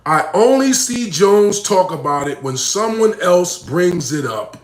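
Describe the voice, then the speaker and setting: A battle rapper holds a relaxed live conversation with his fans, full of slang, profanity and rambling, shifting between pumped-up and low-key moods. His voice sits high and is very animated, at a measured pace with few pauses, in an echoey room.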